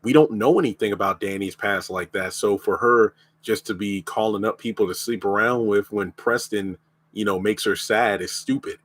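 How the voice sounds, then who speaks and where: A man's voice: on the low side, normal speed, no room sound. A man with a lingering cough, bluntly reviewing a TV show in a casual live stream. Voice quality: blunt, opinionated.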